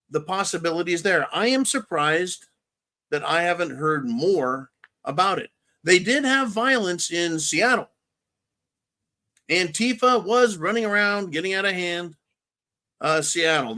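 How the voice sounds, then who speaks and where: A man with a slightly higher-pitched voice hosts his own show, giving political commentary in answer to viewer questions. He talks in a blunt, rambling way and swears freely. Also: fairly bright tone. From California, USA. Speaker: host.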